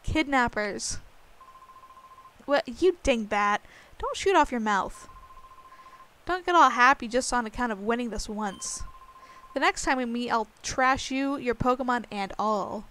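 A woman voicing a boastful young male kidnapper thug, reading game dialogue aloud in a gruff, threatening way. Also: on the high side, expressive, unhurried, bright, forceful tone, low-quality recording.

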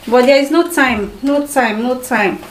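Nigerian mom vlogger, high voice, sweet and coaxing with her kids, loud noisy background. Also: normal speed. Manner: chatty, coaxing and affectionate with her children. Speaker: mommy vlogger. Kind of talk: casual vlog chat. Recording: echoey with loud background noise.

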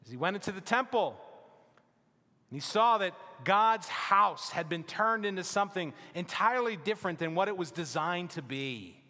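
A male pastor preaching a sermon in an emphatic, deliberate way, with his phrases often sinking to a hushed close. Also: sits high, animated, long reverb tail. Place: church sanctuary.

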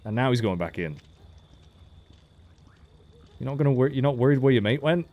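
A man's voice: medium pitch, animated, moderate pace, darkish tone. Guy doing let's play commentary, chatty and jokey, voice bounces all over. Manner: chatty, joking, swears freely. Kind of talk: casual game commentary.

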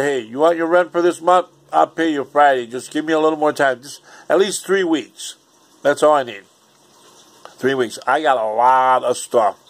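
Profane rambling man. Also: a little high. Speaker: vlogger. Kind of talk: casual ranting vlog.

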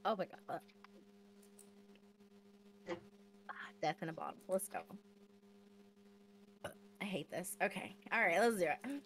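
Woman streamer, casual and slow-talking, giggly and profane, faint background noise. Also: lowish voice, fairly bright tone. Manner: giggly and self-mocking, swears freely. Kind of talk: casual chat on a drinking karaoke stream.

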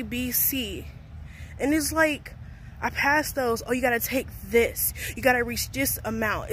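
Talking to the camera in a high voice, this college student vlogger rants and wanders casually for her viewers, filling her speech with filler words. The background is noisy.

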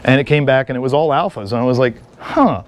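Energetic joking male seminar instructor. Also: medium pitch, rapid-fire, clear, resonant tone. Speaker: firearms and martial arts instructor. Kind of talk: live seminar lecture.

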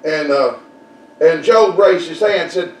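A man's voice: fairly high pitch, measured pace. A man preaching a folksy Baptist sermon, repeating phrases and drawing answers from the congregation. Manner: folksy, repetitive, call-and-response preaching. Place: church sanctuary. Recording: echoey church room, distant mic.

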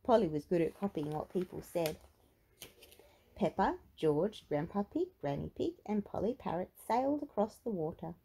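A woman reading a children's picture book aloud in an expressive, sing-song storytelling manner. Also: fairly low pitch, normal speed, slightly rough. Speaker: storybook reader.

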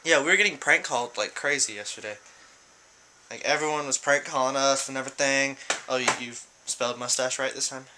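A teenage guy rambling through shout-outs in a casual vlog at home, giggling and hesitant. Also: mid-range voice, brisk, background noise. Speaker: vlogger. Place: room at home.

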